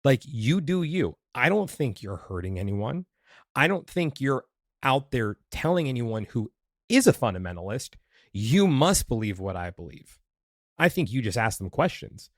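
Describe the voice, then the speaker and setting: In casual conversation on his podcast, a past life regressionist host thinks out loud, speaking candidly with playful asides and restarted sentences. His mid-range voice is very animated at normal speed, captured in studio quality with no echo.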